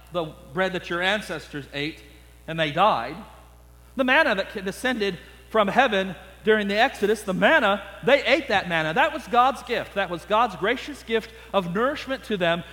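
A man preaching an expository sermon, slowing down dramatically on key words. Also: high voice, lively intonation, bright, forceful tone, in a large hall, rough recording. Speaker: pastor.

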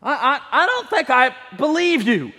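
A man preaching a sermon, animated and leading call-and-response with his congregation in a church. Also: very high-pitched, unhurried. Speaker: pastor. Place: church sanctuary. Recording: long hall reverb.

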